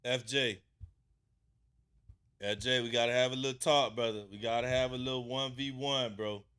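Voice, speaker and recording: A man hosting a casual commentary, coaching a rapper in animated street slang. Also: mid-range voice, moderate pace, clean tone. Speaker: host reviewing rap submissions.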